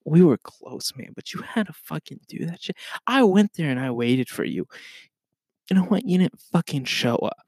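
Young male podcast host, solo rant: excitable, profane, bursts loud, dry close sound. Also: fairly high pitch, moderate pace, husky, dry recording.

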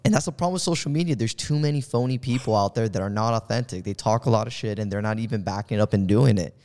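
A man co-hosting a podcast, chatting informally and quickly with casual fillers like man and bro. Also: fairly low pitch, a little mellow. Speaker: podcast co-host. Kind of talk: casual conversation.

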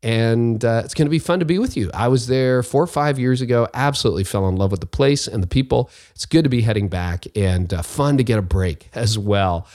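A man's voice: medium pitch, brisk, hardly any pauses, a little mellow, no room sound, studio quality. Upbeat middle-aged man hosting a podcast. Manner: upbeat, chatty, frequent fillers. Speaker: podcast host. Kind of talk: podcast ad read and interview. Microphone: video call.

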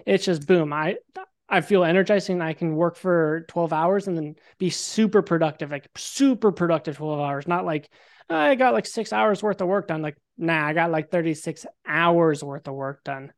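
A young man appearing as a podcast guest tells his story casually and vividly at a normal pace, his voice fairly high. He's animated, swears freely, and acts out what people said.

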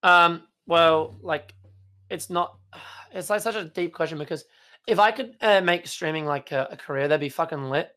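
A man's voice: on the high side, normal speed, sharp tone. Rambling young streamer guy. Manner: rambling, hesitant, many fillers and swearing. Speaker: streamer guest. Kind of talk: casual chat.

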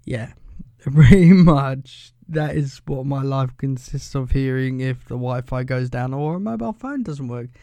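A man's voice: mid-range voice, measured pace, dark tone, no echo. A man hosting a casual solo podcast. He rambles in a chatty way, keeps saying "pretty much", and chuckles as he goes. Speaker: podcast host.

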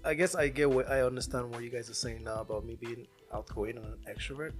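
A man's voice: mid-range voice, steady tone, fast, soft background music. A man co-hosting a casual podcast with friends, easygoing, saying bro and man a lot. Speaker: podcast co-host. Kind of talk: casual chat among friends.

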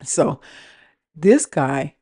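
Candid woman host, mellow voice. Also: low-pitched, big pitch swings, drawn-out words. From West Coast of the United States. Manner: candid, swears freely, acts out both sides of phone calls. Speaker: podcast host. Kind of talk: casual ranting monologue.

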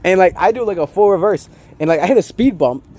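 A man's voice: high-pitched, fast. A young man in casual chat with friends, telling a story with lots of laughs and acting out what others said. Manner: animated, laughing, acts out friends' lines.

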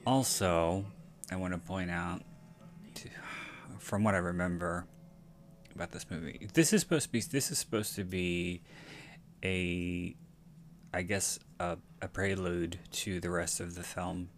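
Man, low voice, slow delivery, casual rambling movie talk, self-corrections. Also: slight background noise. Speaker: podcast host.

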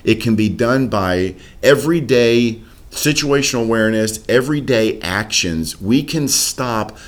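A man's voice: medium pitch, lively intonation, measured pace. A man who used to be a police officer hosts a podcast, giving earnest, conversational safety advice with frequent "uh" fillers.

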